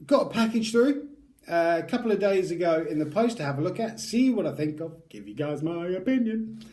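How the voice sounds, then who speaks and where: A man's voice: sits high, animated, fairly quick, darkish tone. A man giving a rambling, jokey unboxing review of a tattoo aftercare product, talking straight to his viewers. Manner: rambling, chatty, jokey asides.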